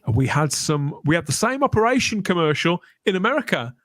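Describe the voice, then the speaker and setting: A man's voice: sits high, sing-song, fairly quick, a bit bright, no echo. A man hosting a live review stream, reading out viewer comments between his own remarks. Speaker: podcast host.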